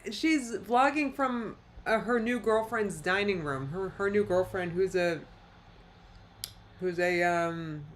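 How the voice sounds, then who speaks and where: A woman's voice: mid-range voice, slow, a little hiss or hum. Chatty woman hosting a live react stream. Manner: chatty, rambling, reads chat comments aloud with frequent laughs. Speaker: host reacting live to videos. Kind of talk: casual live-stream chat.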